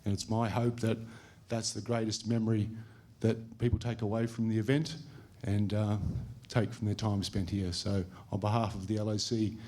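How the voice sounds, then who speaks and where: A man delivering a formal welcome speech for the organising committee, in a measured, deliberate way. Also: fairly low pitch, little pitch movement, dark tone.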